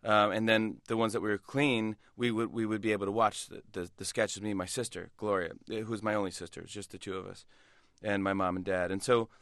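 A male comedian, a guest in an interview, telling stories in an animated way with frequent restarts. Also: lowish voice, no room sound, clean studio sound. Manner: animated, many restarts, quick laughs. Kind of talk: casual interview storytelling.

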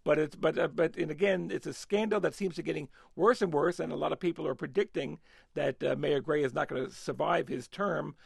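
A man's voice: fairly high pitch, fairly quick, creaky, husky, no echo, clean studio sound. A man talking politics as an analyst on a radio talk show, hesitant with many fillers and restarts.

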